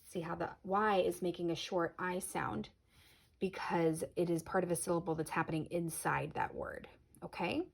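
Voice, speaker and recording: Woman teacher for a kids' spelling lesson: low, gravelly, a little husky, patient. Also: fairly even intonation. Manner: patient, clear, slows down on example words. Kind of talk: recorded spelling lesson for children.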